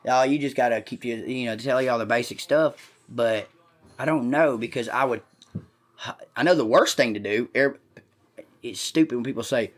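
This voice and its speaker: A man rambles through crude comic stories on a podcast, swearing freely. He drops into quick voices for the people in his tales. His voice sits at a middling pitch. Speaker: podcast co-host. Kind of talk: crude comedic storytelling.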